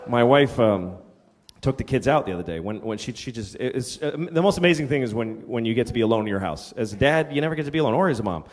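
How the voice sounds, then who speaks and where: A man doing stand-up, candid and crude, stumbling over starts and landing loud punchlines. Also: mid-range voice, lively intonation, quick pace, in a large hall. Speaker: stand-up comedian. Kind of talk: stand-up set.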